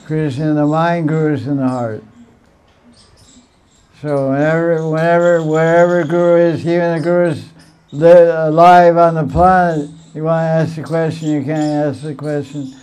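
Smooth-voiced man giving a devotional class. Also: fairly high pitch, moderate pace. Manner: animated storytelling, repeats phrases, laughs. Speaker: spiritual teacher.

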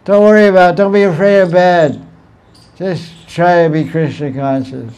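A man's voice: high voice, moderate pace, a little mellow, clear, resonant tone. A man giving an informal spiritual talk, telling stories with playful asides and frequent chuckles. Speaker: spiritual teacher.

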